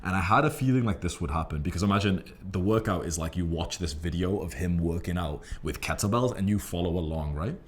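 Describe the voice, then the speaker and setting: Deep-voiced and brisk, barely pausing, a young Liverpool-accented man from England swears nonstop and emphatically through a brash motivational talk to camera. He's a self-improvement creator, and there's slight background noise.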